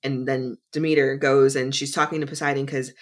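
A woman's voice: rumbling low, flat delivery, a little fast. A woman co-hosting a book podcast, chiming in conversationally with plot details. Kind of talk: casual book recap chat.

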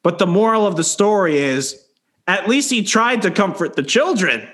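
A young man chats casually with friends, telling a story with plenty of profanity. His voice sits slightly high, and he leans into loud, mocking retellings of what people said. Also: lively intonation, normal speed. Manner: profane, mocking, acts out quotes loudly. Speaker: podcast co-host.

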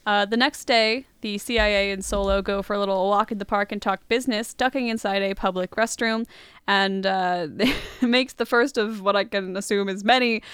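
A woman's voice: medium pitch, steady tone, normal speed, fairly bright tone, clear, resonant tone, no room sound. A woman hosting a podcast, casually retelling a movie plot in a chatty way, laughing now and then. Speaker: podcast host.

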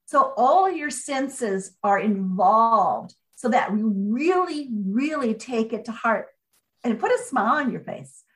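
Upbeat motivational woman, fairly high voice. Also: rough recording. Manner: energetic, motivational, emphatic repetition. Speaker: author guest. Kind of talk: conversational interview.

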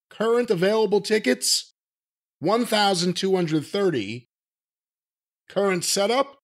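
A man co-hosting a wrestling podcast, talking in a dry, matter-of-fact way and reading off figures. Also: a little high. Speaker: podcast co-host. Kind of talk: casual wrestling chat.

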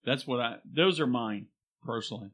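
A podcast co-host jokes around in casual banter, laughing often and slipping into mock accents. His medium-pitched voice is fairly bright, moving at a moderate pace in a dry recording.

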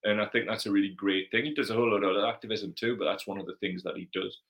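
A man's voice: lowish voice, steady tone, very fast, muffled recording. A man with a Geordie accent hosting a casual livestream Q&A, chatty and blunt, swearing freely as he reads out viewer comments. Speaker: livestream host.

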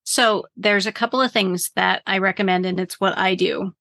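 Brief: woman guest coach, upbeat and earnest, gravelly, dry close sound. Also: medium pitch, fairly even intonation, normal speed, fairly bright tone, dry recording. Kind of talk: casual podcast interview.

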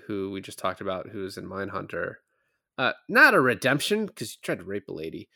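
A man co-hosting a casual movie podcast, retelling scenes with lots of laughter and loud acted-out quotes. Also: lowish voice, dry recording, studio quality. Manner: animated retelling, laughs often, acts out quoted lines loudly. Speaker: podcast co-host.

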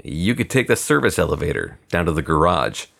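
A man voicing a quiet, plump middle-aged hotel detective who speaks softly, calmly and unhurriedly. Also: low voice, creaky, exaggerated voice. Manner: soft, calm and unhurried.

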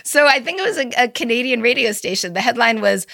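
A woman chats through the news on her podcast, tossing in quick asides and laughing easily. Her voice is bright and slightly high, with a gravelly fry. The sound is dry and close. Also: expressive, no echo. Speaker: podcast co-host. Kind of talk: casual chat about girls' baseball news.

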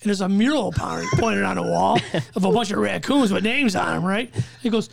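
Man, gravelly, casual storytelling, lively pitch, dry close sound. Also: a little fast, no echo. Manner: animated, profane, acts out quotes.

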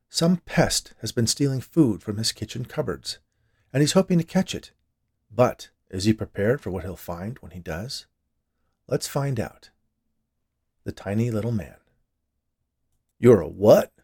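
Brief: male podcast storyteller, lower voice, expressive scripted narration. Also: moderate pace, long pauses, slightly rough.

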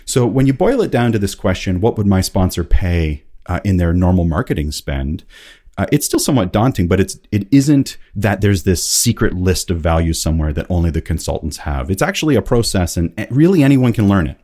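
A man's voice: low voice, very animated, a little fast, warm tone. A man speaking as a consultant and guest on an interview podcast, explaining his work in an easygoing, self-deprecating way. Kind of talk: casual interview chat.

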